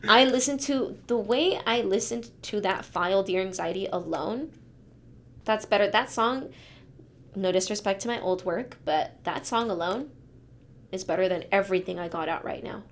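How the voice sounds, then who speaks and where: A woman's voice: mid-range voice, normal speed, a little hiss or hum. A young woman in her twenties, a singer and podcast guest, chatting casually and laughing easily. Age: 20s. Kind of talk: casual chat.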